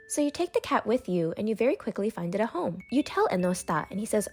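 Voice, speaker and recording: A woman calmly narrating a second-person fan story to the listener. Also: medium pitch, fast, few pauses, soft background music.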